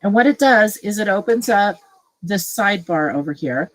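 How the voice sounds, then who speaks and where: A middle-aged woman teacher casually walking colleagues through a software tutorial, thinking aloud as she clicks. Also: medium pitch, animated, moderate pace, low-quality recording. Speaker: teacher leading a tech training session. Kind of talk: screen-share tutorial for colleagues.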